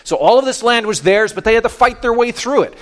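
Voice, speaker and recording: A man's voice: lively intonation, fast, fairly bright tone. A man from Canada, a pastor giving a conversational sermon, often restarting his phrases as he explains. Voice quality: deep voice.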